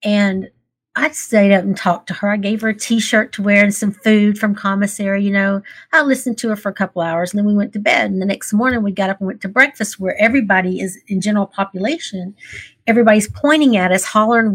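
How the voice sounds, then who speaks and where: A woman, a guest telling her story in an interview, earnest and emotional, laughing through tears. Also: mid-range voice.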